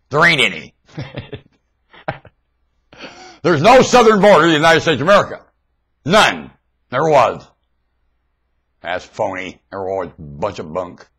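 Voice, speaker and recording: A man with a husky voice, rambling aloud to his viewers in a webcam monologue. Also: fairly high pitch, fairly bright tone, poor audio. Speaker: vlogger.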